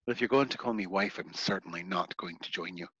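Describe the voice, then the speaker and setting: Man voicing a big sharp-tongued wife, quick dismissive retorts, bright tone, dull lo-fi sound. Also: low-pitched, breathy edge, no echo, voice pushed down, full character voice. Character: large strapping woman, a sharp-tongued wife.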